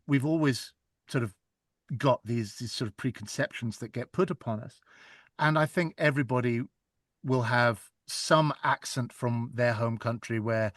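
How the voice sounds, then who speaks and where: A man's voice: mid-range voice, fairly bright tone, no room sound. Earnest man, very dry sound. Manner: earnest and reflective, thinks aloud with restarts. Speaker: audiobook narrator. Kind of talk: casual interview chat.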